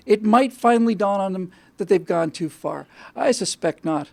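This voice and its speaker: A man's voice: sits high, expressive, normal speed, vocal fry, darkish tone, no room sound. Wry, chatty male show host. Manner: chatty, wry, jokey, with frequent restarts. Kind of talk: commentary and studio banter.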